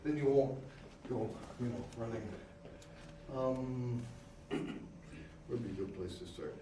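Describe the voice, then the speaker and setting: A man leads a band rehearsal, breaking off to scat the rhythms he wants and patiently restating each point. He is heard from across an echoing room, with clear noise and instruments around him. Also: medium pitch, takes it slowly. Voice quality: sings rhythms in scat syllables while explaining. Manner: repeats and restarts phrases, patient. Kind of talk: rehearsal coaching. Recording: echoey room from far off, noisy.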